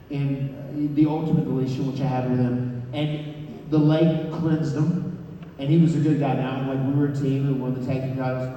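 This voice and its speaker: Panel guest, man, animated storyteller, mellow voice, cavernous hall, far mic. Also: fairly high pitch. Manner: animated, repeats words, acts out quotes. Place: large convention hall. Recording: echoey hall, distant mic, background noise.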